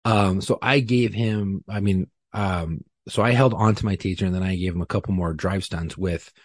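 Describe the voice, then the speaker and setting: Husky low-voiced man telling a cop story. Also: normal speed, dry recording, clean studio sound. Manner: profane, animated, acts out quotes. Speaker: police officer telling a story. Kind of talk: casual podcast storytelling.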